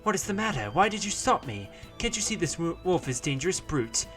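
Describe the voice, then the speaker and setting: A man's voice: a little high, big pitch swings, a little fast, a bit bright, soft background music, pitched above the performer's own voice. A man voicing a proud, wordy young female sword knight who boasts in archaic, pompous speech, reading a visual novel aloud. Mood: perplexed.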